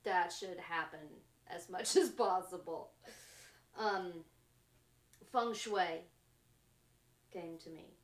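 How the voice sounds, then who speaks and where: A woman talks in a very slow, drawn-out way, musing in short fragments and laughing softly between her thoughts. Her voice sits at an ordinary pitch and carries the echo of a bare room. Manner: slow, musing, trailing phrases with frequent laughs. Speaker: podcast host. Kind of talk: reflective spiritual monologue.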